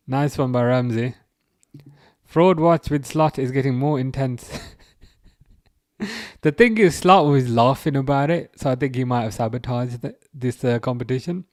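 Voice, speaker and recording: A man's voice: medium pitch, unhurried, pauses often, dry recording, studio quality. Chatty man reacting to a match. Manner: chatty, self-mocking, stammering restarts, frequent laughs. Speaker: livestream host. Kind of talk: casual live match commentary.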